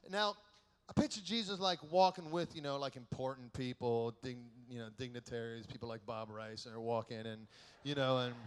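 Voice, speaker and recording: A man giving a keynote sermon at a youth conference, telling stories in an animated, joking way and acting out the people in them. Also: fairly high pitch, smooth. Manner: animated, joking storyteller who acts out quotes. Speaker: keynote speaker. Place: large conference hall. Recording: echoey large hall.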